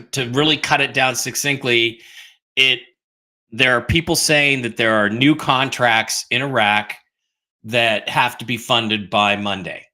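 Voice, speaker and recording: A man with a bright, forward tone hosts a loose livestream chat. He rambles through updates and reads viewer comments aloud, pausing often with ums and uhs. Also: medium pitch. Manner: rambling, loose, with many fillers and asides. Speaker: host of an online news livestream.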